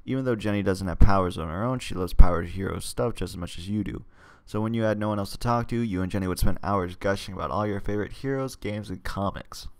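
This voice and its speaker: Casual gamer narrator, low and a little gravelly, reads game text and ad-libs jokes. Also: male voice, fast talker, hardly any pauses. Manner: casual, self-correcting, joking asides. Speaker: channel host reading a game aloud. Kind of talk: reading a text game aloud with asides.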